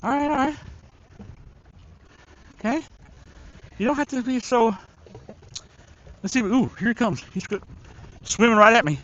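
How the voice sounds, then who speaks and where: A man streaming a fishing tournament live from a riverbank, chatting excitedly and talking to the fish he reels in. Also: very high voice, a little slow, pauses often, highs cut off. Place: outdoors by a river.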